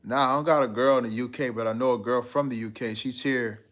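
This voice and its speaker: A man talks to his live-stream viewers in a relaxed, slangy way. He reads out their comments and answers them directly. His voice sits at an ordinary middle pitch. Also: fast. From United States. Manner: laid-back, slangy, talks straight to viewers.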